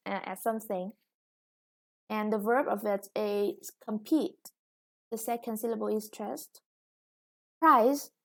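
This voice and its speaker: A woman gives an English vocabulary lesson, going word by word with many pauses and fillers. Her voice sits a little high, and she speaks at an unhurried pace. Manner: patient, explains words one by one with fillers. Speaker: English teacher.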